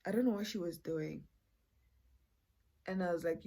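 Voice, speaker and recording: Chatty young woman, low voice. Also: normal speed, gravelly, long pauses, mellow, breathy edge. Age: young adult. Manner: rambling, chatty, mixes in Setswana phrases. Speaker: vlogger. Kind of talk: casual storytime.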